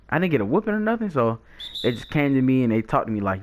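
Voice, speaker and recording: A young man telling a lively, slangy storytime with frequent laughs, chatting while he plays a video game. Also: fairly high pitch, fast talker. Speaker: gaming YouTuber.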